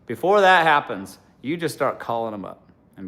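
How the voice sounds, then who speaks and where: A man's voice: mid-range voice, big pitch swings, moderate pace, a bit bright, a little hiss or hum. A man doing a loose comic monologue for a livestream audience, laughing often as he talks. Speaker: comedian.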